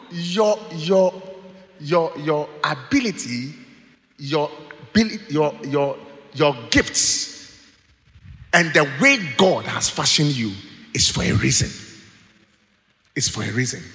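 A man preaching, telling stories in an animated way and laughing as he goes. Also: on the high side. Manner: animated, laughs while telling stories, acts out quoted voices. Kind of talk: sermon with storytelling. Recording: long hall reverb.

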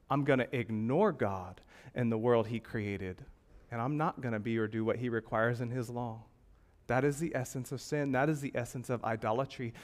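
A male pastor preaching a sermon, asking rhetorical questions and swinging between emphatic, loud lines and hushed ones. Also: mid-range voice.

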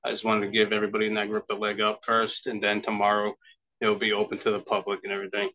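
A man's voice: lowish voice, completely flat delivery, quick pace, bright, forceful tone, highs cut off. A man co-hosting a casual podcast, teasing and joking, laughing often and swearing freely. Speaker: podcast co-host.

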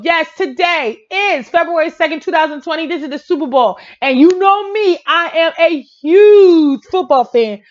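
Excitable gossiping woman, lo-fi audio. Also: extremely high pitch, unhurried. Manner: excitable, laughs often, breaks into song. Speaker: pop culture vlogger. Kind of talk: casual gossip and music chat.

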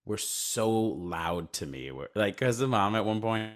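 Male podcast co-host, deep voice, dry jokey movie banter. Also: animated, unhurried. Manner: wry, laughs easily, jokey asides. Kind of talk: casual movie-review chat.

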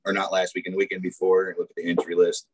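A man who is a guest on a racing podcast, chatting casually and laying out his points in a measured way. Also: low voice, completely flat delivery, no room sound.

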